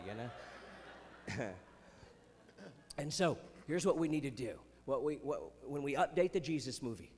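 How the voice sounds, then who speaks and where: A man's voice: medium pitch, expressive, a little slow, long pauses, darkish tone, long reverb tail, slight background noise. A man doing chatty Christian stand-up comedy on stage, with playful jokes and asides. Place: festival stage before a live audience.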